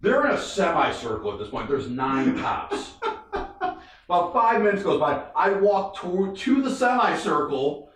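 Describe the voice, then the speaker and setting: Animated storytelling guy in an echoey room. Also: high-pitched, measured pace. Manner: animated, profane, acts out voices. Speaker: guest, stand-up comic. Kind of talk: casual storytelling. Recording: echoey room, distant mic.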